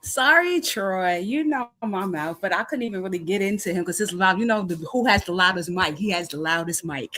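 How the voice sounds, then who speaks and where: Woman, New York accent, blunt, profane, talking fast and heated, caller on a live stream. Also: mid-range voice, animated, pushed and bright. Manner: blunt, profane, rapid-fire opinions. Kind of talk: casual call-in rant.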